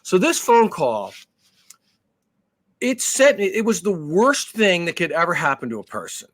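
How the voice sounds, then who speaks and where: A man co-hosts a podcast, swearing freely as he tells an animated story. His voice sits a little high for a man. The sound is dry and close, with no room echo. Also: measured pace. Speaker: podcast co-host. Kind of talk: casual chat.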